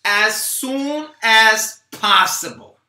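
A man's voice: sits high, drawn-out words, sharp tone, roomy sound. A man reading a swaggering gangster part at a virtual script reading. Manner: swaggering tough-guy delivery, heavy profanity.

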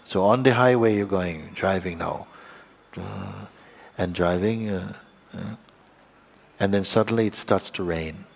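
A man with a fairly low voice gives a spiritual teaching in a reverberant hall. He speaks slowly and reflectively, in plain, simple phrases broken by halting pauses. The long echo of the room trails after each phrase. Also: vocal fry, slightly rough. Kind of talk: satsang talk.

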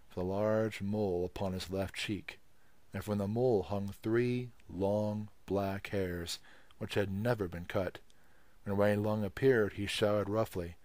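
A man reading a novel aloud as an audiobook, steady and measured. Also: fairly low pitch, no echo. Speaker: audiobook reader. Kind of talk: novel narration.

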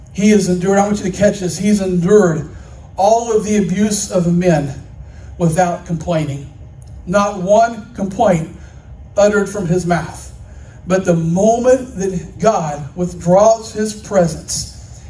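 A pastor from Oklahoma preaching a sermon in a church, moving from folksy farm stories to impassioned preaching. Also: male voice, high voice, darkish tone. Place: church sanctuary. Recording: echoey room, mic at a distance.

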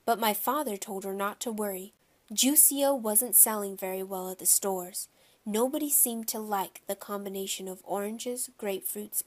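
A woman narrating a children's audiobook in the first person, telling the story in a steady, clear way. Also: mid-range voice.

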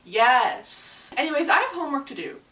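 Young woman, high voice, gushing excitable fan, casual reaction vlog, echoey room, faint music behind. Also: normal speed, far from the mic. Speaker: YouTuber reacting to a music video.

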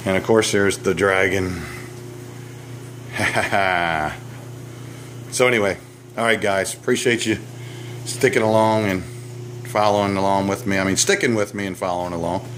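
A man's voice: fairly low pitch, a little hiss or hum. A man vlogging from a small cluttered basement shop, out of breath and rambling, often correcting himself and apologizing. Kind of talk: casual rambling vlog.

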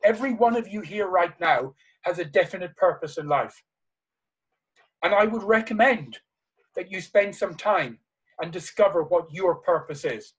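A man gives a passionate motivational seminar to a live audience, emphatically repeating key phrases. He speaks at normal speed in a high, husky, animated voice, and the recording is rough.

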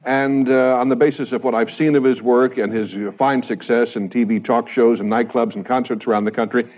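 A man hosting a TV comedy show, introducing the next comedian in a relaxed, chatty way with a few fillers. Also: medium pitch, fairly quick. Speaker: show host. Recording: dull lo-fi 1980s TV audio with audience. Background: studio audience.

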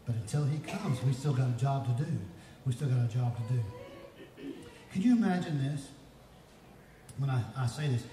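A man in his fifties, a pastor, preaches a sermon in a church, his medium-pitched, mellow voice animated as he tells folksy personal stories and builds to emphatic peaks. He speaks at a normal speed but pauses often. The echoey hall, distant mic and faint noise colour the recording.

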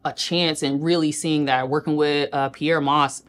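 Low-voiced woman telling lively stories. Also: a little slow. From New York (Queens). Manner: animated storyteller who acts out quoted people. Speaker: celebrity stylist, guest. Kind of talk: casual interview storytelling.

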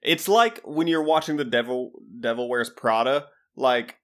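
A man's voice: medium pitch, lively intonation, a little slow, a bit bright. A young man co-hosting a movie podcast, joking around and swearing casually. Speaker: podcast co-host. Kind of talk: casual chat.

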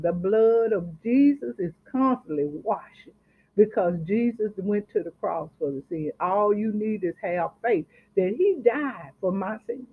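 A woman's voice: medium pitch, expressive, unhurried, breathy edge. Fervent woman minister on a phone line. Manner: fervent preaching with emphatic rises and soft drops. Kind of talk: sermon. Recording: tinny phone-line sound.

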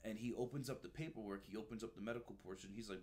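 A man telling stories from his time as a recruiter in a relaxed, animated way, peppered with slang and swearing. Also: on the low side, rapid-fire. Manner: animated, swears freely, says "dude" and "bro" often. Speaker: guest, former Marine recruiter. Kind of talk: casual storytelling.

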